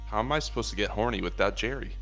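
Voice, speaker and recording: A man streaming with friends in casual chat, tossing off dry deadpan quips. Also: fairly low pitch, racing, faint music behind.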